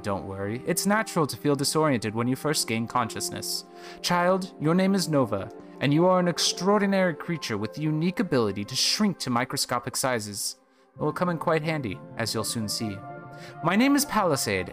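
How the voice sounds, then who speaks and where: A man voicing Palisade, a gentle, motherly guardian in a game, speaking in a raised, sweet, soothing voice. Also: a little high, animated, moderate pace, soft background music, voice pushed up.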